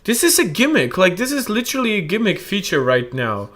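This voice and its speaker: A man's voice: high voice, sing-song, brisk, fairly bright tone. A man streaming live, commenting sarcastically and critically over a video. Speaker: tech streamer reacting live.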